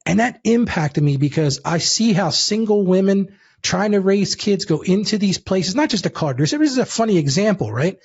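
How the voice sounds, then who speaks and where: A man telling a personal story in a lively, casual way as a guest, calling the listener "dude". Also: high voice, moderate pace, hardly any pauses, husky, dull audio. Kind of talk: animated storytelling.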